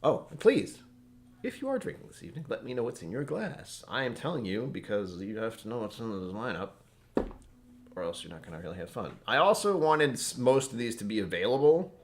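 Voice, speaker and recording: A man's voice: mid-range voice, sing-song, fairly quick, a little hiss or hum. A man hosting a casual whiskey tasting live stream from home, rambling and joking as he chats with viewers. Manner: rambling, joking, self-interrupting. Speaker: whiskey channel host.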